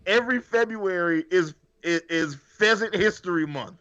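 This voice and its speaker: A man co-hosts a loose podcast and riffs on the talk with mock-earnest jokes. His voice sits a bit above the usual male pitch. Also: normal speed, a bit bright, muffled recording. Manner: joking, mock-earnest riffing. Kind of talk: casual podcast banter.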